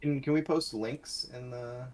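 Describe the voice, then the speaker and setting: A man's voice: medium pitch, fairly even intonation, a little slow, a little mellow. A man co-hosting a casual live stream, offering technical editing tips and passing along viewers' chat messages. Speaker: stream co-host reading chat.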